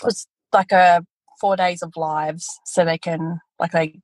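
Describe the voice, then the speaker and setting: A woman, a guest telling her business story in a casual interview, animated and quick to laugh. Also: lowish voice, no room sound, rough recording. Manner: animated storytelling, quotes family in voices, laughs often. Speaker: guest, photography educator.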